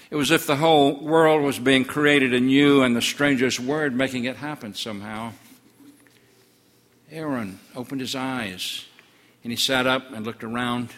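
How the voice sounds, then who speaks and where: A man's voice: fairly bright tone, in a large hall, close to an everyday voice. An older man telling it as an awestruck twelve-year-old village boy. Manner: earnest storytelling, voice drops low in sorrowful passages. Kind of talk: first-person story sermon.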